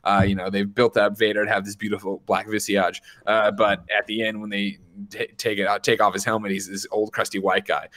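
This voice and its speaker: Podcast co-host, man in his 30s, lowish voice, lively scene-by-scene retelling. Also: a little fast, few pauses. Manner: animated retelling, jumps into loud impressions of film lines. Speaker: podcast co-host recapping a film. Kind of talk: casual chat.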